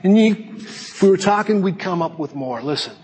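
A man in middle age preaches a casual, humorous sermon, his voice slightly high and husky. He jokes with the congregation and acts out little scenes. The sound carries a long reverb from a large hall. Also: moderate pace. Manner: animated, jokey, puts on high panicky voices. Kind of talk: sermon with acted asides.

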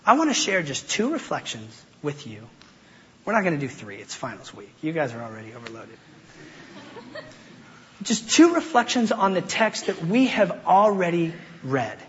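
A man gives a sermon in a casual, talky way and often restarts his sentences. His voice sits a bit high for a man. The sound is muffled and rings with a long hall reverb. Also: very animated, moderate pace, a bit bright, a little hiss or hum. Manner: conversational, with stammered restarts and informal asides. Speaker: preacher.

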